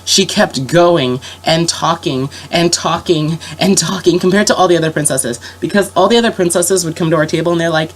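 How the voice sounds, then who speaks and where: Brisk, with few pauses, the young woman's low voice carries a sick quality as she tells a story for her vlog. Her telling is casual and rambling, packed with fillers, restarts, and self-corrections.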